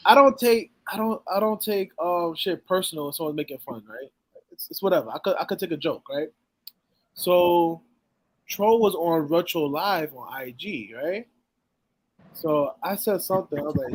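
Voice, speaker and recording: A man's voice: on the high side, expressive, moderate pace, dry recording. A man hosting a casual podcast, telling a story with many quotes and laughing often. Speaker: podcast host. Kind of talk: casual chat.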